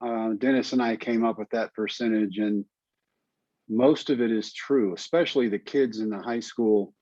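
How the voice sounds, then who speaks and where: A man's voice: lowish voice, moderate pace, dry recording. Guest, male, 50s, easygoing storyteller, dry, dull remote audio. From Texas, United States. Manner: relaxed, anecdotal, acts out quotes. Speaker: guest, speaker and author. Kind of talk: storytelling interview answers.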